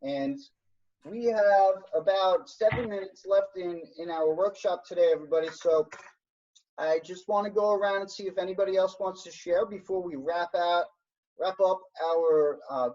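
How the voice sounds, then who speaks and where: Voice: medium pitch, normal speed, a little mellow. An instructor teaching an online science workshop, explaining step by step in an encouraging way over a video call. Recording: dull lo-fi video call audio.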